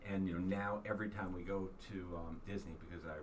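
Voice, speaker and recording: Podcast host, male, lowish voice, rambling self-mocking storyteller, sits back from the mic with faint hiss. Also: fairly even intonation, fast talker, far from the mic. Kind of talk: casual chat, telling a personal story.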